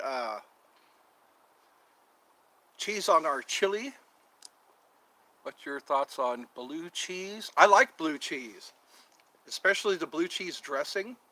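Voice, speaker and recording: A man with a lively, bright voice rambles through a casual outdoor livestream. He wanders from topic to topic, joking and drawing out his words at an unhurried pace. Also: fairly high pitch, rough recording. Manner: meandering, jokey, drawn-out words. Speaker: channel host.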